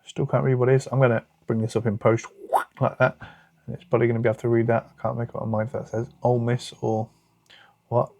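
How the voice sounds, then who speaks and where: A man's voice: medium pitch, little pitch movement, fast, creaky, darkish tone, no room sound, lo-fi sound. A British man with a British accent hosting a casual card-opening video, chatting and muttering asides to himself. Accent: British English. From United Kingdom. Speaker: card collecting channel host.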